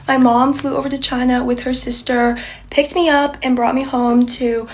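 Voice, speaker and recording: A woman's voice: high voice, level tone, moderate pace, slight background noise. A woman from Canada chatting casually while getting ready. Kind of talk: casual get-ready-with-me chat.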